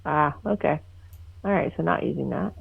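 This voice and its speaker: A woman's voice: sits low, moderate pace, creaky, husky. A woman playing a tabletop game over a call, chatty and apologetic, her voice muffled by her headset. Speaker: player. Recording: muffled, phone-like headset line.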